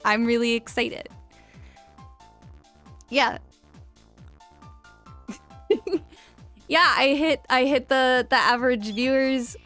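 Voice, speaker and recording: With a fairly high, somewhat bright voice and no room sound, a young woman chats casually over her gameplay live stream. She giggles, thanks her followers and reads lines from the game aloud.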